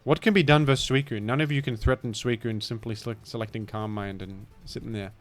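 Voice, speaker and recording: A man's voice: medium pitch, fairly even intonation, fast talker, faint music behind. A man with a British accent commenting live on a game he is playing, rambling in a playful, mock-grandiose way. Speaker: streamer.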